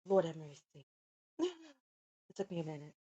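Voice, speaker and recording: Mellow low-voiced woman reading a story. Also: fairly even intonation, moderate pace, slightly rough, no room sound, lo-fi sound. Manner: chatty, laughs and corrects herself while reading. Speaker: storytime podcast host. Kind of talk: casual reading aloud of a novel.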